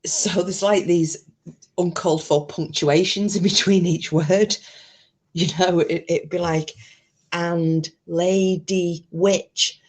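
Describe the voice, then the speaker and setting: A woman hosts a casual live stream, her voice sitting low as she talks straight to her viewers. She is blunt and chatty, and she swears freely. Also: fairly even intonation, measured pace, breathy edge.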